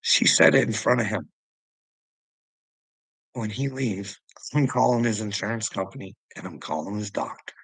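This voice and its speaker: A man's voice: on the low side, normal speed, vocal fry, long pauses, fairly bright tone, slightly rough, no echo, low-quality recording. A middle-aged man delivering an agitated, profane vlog rant. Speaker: vlogger. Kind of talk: ranting vlog monologue.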